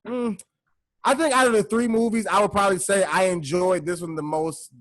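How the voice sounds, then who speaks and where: A man's voice: sits high, fairly even intonation, brisk, a bit bright. A man co-hosting a casual film podcast, rambling and repeating himself, often saying "you know what I'm saying". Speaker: podcast co-host.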